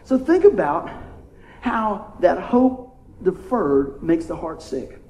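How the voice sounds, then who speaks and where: Pastor, man, high voice, chatty call-and-response preaching, roomy echo. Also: very animated, slow pace, warm tone. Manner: playful, call-and-response preaching with frequent "amen?". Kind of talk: sermon.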